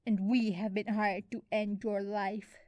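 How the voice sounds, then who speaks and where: A woman voicing a young female demon assassin with a dry, hissing voice and slow, ominous delivery. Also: medium pitch, little pitch movement, darkish tone, no echo, close to an everyday voice. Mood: menacing.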